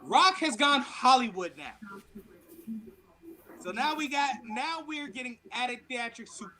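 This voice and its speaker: High-voiced man telling an animated story. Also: a little slow, rough recording. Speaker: podcast co-host. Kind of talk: casual chat.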